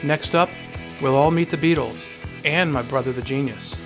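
A man's voice: medium pitch, moderate pace, soft background music. A man hosting a podcast, narrating a scripted story in a wry, dryly humorous way. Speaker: podcast host.

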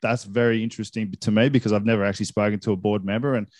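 A man with a fairly low voice asks questions in a friendly, chatty way, often saying "mate." The sound is dry and close. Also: steady tone, very fast, a little mellow, dry recording. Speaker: interview host, club rugby player. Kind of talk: casual interview chat.

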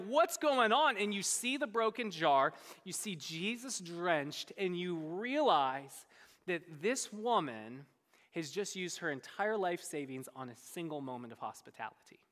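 A pastor preaching a sermon with animated storytelling, often repeating words as he starts sentences. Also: big-room sound. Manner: animated storytelling, voices quoted speakers with big pitch jumps.

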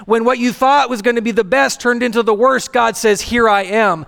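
A man preaching a sermon as pastor in a church, with rhythmic repetition and dramatic pauses. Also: very high-pitched, fairly even intonation, gravelly, fairly bright tone. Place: church sanctuary. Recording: long church hall reverb with faint music.

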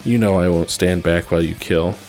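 A man's voice: sits low, fairly even intonation, brisk, a little mellow, faint music behind. A man voicing a stubborn young male hero in a read-aloud story, firm and insistent.

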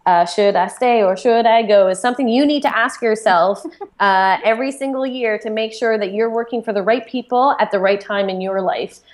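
A woman co-hosting a podcast, chatty and enthusiastic, with lots of filler words as she recaps. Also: medium pitch. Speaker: podcast co-host. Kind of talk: casual podcast chat.

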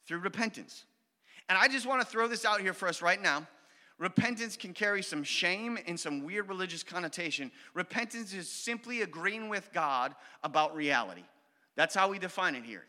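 A man's voice: high-pitched, sharp tone. A man in his thirties, a pastor giving an earnest, emphatic sermon with a family story, recorded in a large hall. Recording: long hall reverb.

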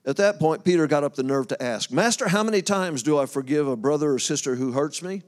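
Guy preaching a sermon, folksy and chatty, bit of a higher voice, reads scripture and jokes with the crowd. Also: expressive, fairly quick. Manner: folksy, talks to the congregation, loses his place and laughs. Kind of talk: sermon, reading and explaining scripture.

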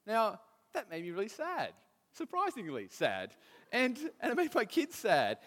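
A man's voice: high voice, huge pitch swings, normal speed, fairly bright tone, big-room sound. A man, preaching a casual sermon with stories from home, often restarting his sentences. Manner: conversational, self-deprecating, restarts often.

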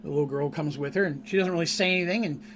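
A man recaps a tabletop adventure he ran, rambling and animated as he tells it. His voice sits somewhat high, with a faint hum under the recording. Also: rapid-fire. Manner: animated, rambling, laughs at his own story. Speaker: game master. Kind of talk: casual storytelling recap of a tabletop game.

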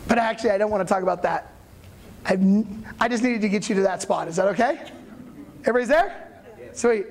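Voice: medium pitch, a little fast. Conversational pastor telling a story. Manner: conversational, animated storytelling with audience check-ins. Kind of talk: sermon.

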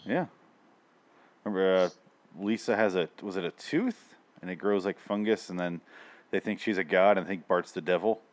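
A man co-hosts a casual podcast and reviews an old TV episode. His voice sits on the low side, and he talks in an animated way, swearing and mocking what he saw. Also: moderate pace. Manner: profane, sarcastic, animated. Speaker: podcast co-host.

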